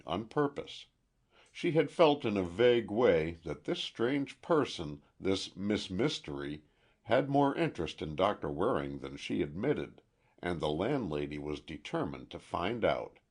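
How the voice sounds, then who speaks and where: A man reading a mystery audiobook aloud in a measured, expressive way. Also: sits low. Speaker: audiobook narrator.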